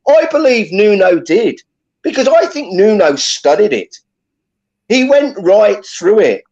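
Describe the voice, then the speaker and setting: A man's voice: high-pitched, sing-song, measured pace, a little mellow. A man on a fan phone-in show, speaking emphatically and leaning on fillers like "you know, look". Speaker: fan panelist. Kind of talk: heated phone-in debate. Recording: muffled lo-fi line.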